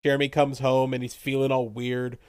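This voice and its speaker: A young man recapping a TV episode in casual chat, animated and laughing often as he acts out characters in quick voices. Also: medium pitch, clean tone, no echo, clean studio sound. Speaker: podcast co-host recapping a TV episode.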